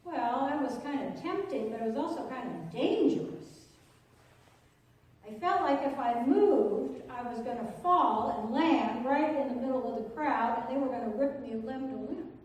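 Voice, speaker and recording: An anxious, self-deprecating tax collector, voiced by a woman recounts his story in a worship monologue, often tripping over and repeating his words. The voice sits high. It is heard from a distance in a very echoey church sanctuary. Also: moderate pace, darkish tone, natural voice. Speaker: pastor performing a dramatic monologue. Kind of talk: dramatic first-person monologue in worship.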